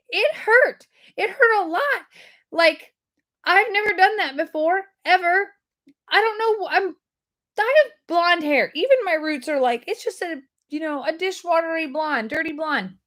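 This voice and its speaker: A woman's voice: very high voice, a little slow, fairly bright tone. A woman, hosting a weekly video and telling a rambling, self-deprecating story to her viewers. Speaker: host of a weekly video segment.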